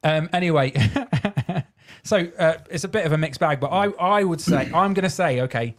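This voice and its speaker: A man with a southern English accent co-hosts a relaxed chat, with a voice pitched a little high for a man. He talks in an easygoing, chatty way and laughs readily. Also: normal speed. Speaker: podcast co-host. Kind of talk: casual chat.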